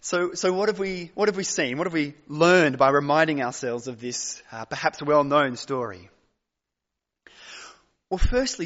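Male pastor, high voice, emphatic sermon delivery with long pauses; dull recording, long hall reverb. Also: fairly bright tone. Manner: emphatic, dramatic pauses and repetition.

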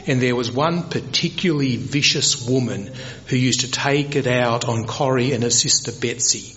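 A man preaching a sermon, animated, climbing high in pitch as he retells a scripture scene. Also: normal speed, dull audio, slight background noise. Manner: animated, rises high when voicing Moses.

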